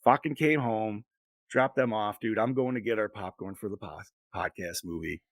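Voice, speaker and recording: This middle-aged man, co-hosting a podcast, chats casually and drifts through lengthy, foul-mouthed stories. He has a lowish voice at normal speed, and the recording is dry.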